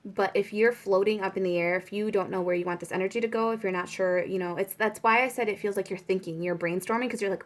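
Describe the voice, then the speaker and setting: A young woman gives a casual spiritual tarot reading, rambling with lots of fillers and breaking off to pray aloud. Her medium-pitched voice is steady in tone and fast, with hardly any pauses.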